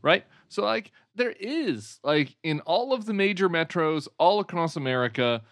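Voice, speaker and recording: A man co-hosting a podcast in casual political chat, relaxed and conversational, thinking aloud. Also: high-pitched, moderate pace, no room sound, studio quality. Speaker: podcast co-host.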